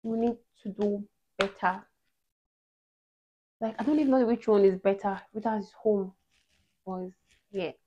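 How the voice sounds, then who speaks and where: A woman's voice: mid-range voice, measured pace, long pauses, slight background noise. Woman vlogger, dull lo-fi audio. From Nigeria. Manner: animated, emotional retelling with many restarts. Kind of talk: casual storytelling vlog.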